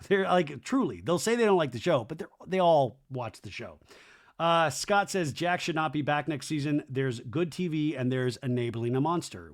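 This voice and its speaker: A man with a slightly higher voice hosts a relaxed podcast recap. He reads listener comments aloud and riffs on them in a chatty, thinking-out-loud way. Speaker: podcast host. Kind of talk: casual recap chat, reading listener comments.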